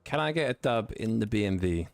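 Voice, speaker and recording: A British man with a fairly low voice talks casually through a racing live stream, chatting and reading chat aloud with easy laughter. His voice is dry and close, with soft music running faintly underneath. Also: lively intonation, fairly quick, no echo. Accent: British English. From Britain.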